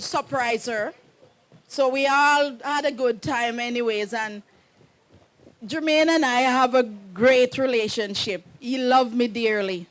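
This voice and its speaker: A middle-aged woman, the groom's mother giving a wedding message, telling a meandering story, often saying "anyways" and laughing. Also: high-pitched. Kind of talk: rambling personal storytelling.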